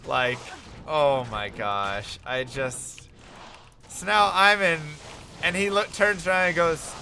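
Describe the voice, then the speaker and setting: A man's voice: a little high, fairly even intonation, slow pace, vocal fry, bright, forceful tone, slight background noise. A man telling a rambling, self-mocking story in casual chat while streaming a game.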